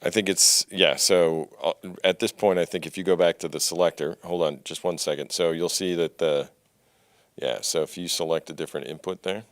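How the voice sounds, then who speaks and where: A man with an extremely deep, low voice explains audio routing in a steady, practical manner. The sound is dry and close, with no room echo. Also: normal speed. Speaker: co-presenter. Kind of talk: technical explanation.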